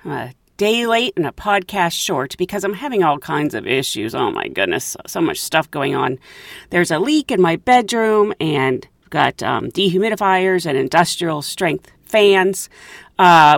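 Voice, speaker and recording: Female podcast host, self-mocking storyteller, very animated pitch, dry closet recording. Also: dry recording. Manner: chatty, giggly, self-mocking. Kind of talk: casual storytelling monologue. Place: closet at home.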